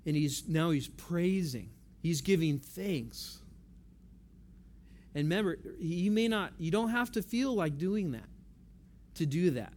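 A man's voice: a little high, animated, slow, darkish tone. Man preaching a conversational sermon. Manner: conversational preaching, repeats phrases for emphasis. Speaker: pastor.

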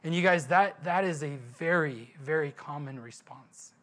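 A man's voice: fairly high pitch, moderate pace. Man preaching a sermon, chatty storyteller, asks the room questions. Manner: conversational, animated storytelling with rhetorical questions. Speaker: pastor.

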